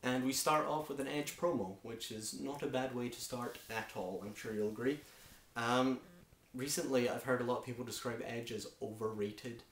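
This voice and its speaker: A man's voice: medium pitch, fairly even intonation, moderate pace, fairly bright tone. A man with a Scottish accent reviewing a wrestling show in a casual, opinionated way, full of enthusiasm and frequent ums. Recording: echoey room.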